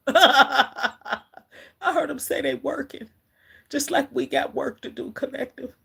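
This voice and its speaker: A middle-aged woman gives an emotional, halting spiritual message on a livestream, often calling her viewers "collective.". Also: high-pitched, gravelly, fairly bright tone. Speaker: spiritual reader.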